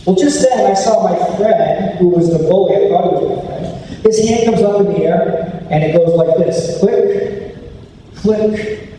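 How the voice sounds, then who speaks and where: A man with a dark, mellow voice pitched fairly high tells a personal story to a school audience. He acts out every quote as he goes. The sound is distant and roomy, with a long echo from a large hall. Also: a little slow, slight background noise. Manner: animated storyteller acting out quotes. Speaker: anti-bullying speaker. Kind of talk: storytelling school assembly talk. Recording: echoey hall recorded from far off.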